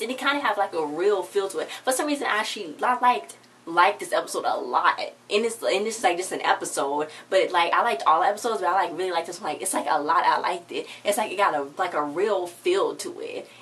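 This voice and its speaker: A woman's voice: fairly low pitch, lively intonation, fairly quick, fairly bright tone. A woman casually recapping a TV episode in a rambling way, filling her talk with "like" and restarts. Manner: rambling, filler-heavy, "like" every few words. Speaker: TV episode reviewer. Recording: distant mic, faint background noise.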